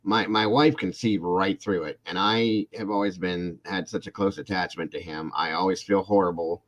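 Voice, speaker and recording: A man's voice: low voice, steady tone, moderate pace, fairly bright tone. A man in his forties hosting a casual livestream chat, telling rambling, self-deprecating stories about his family. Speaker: channel host.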